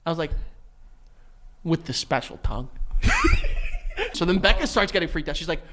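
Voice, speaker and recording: Podcast guy laughing thru his own story, high and bouncy voice. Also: expressive, moderate pace, a bit bright, a little hiss or hum. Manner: laughs through his own stories, acts out quotes. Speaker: podcast co-host. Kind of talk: animated comedic storytelling.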